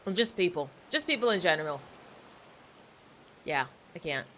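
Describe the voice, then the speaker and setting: A woman's voice: on the low side, big pitch swings, moderate pace, fairly bright tone, slight background noise. A young adult woman streaming a game, chatting casually with viewers in a rambling, self-deprecating way. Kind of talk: casual livestream chat while playing.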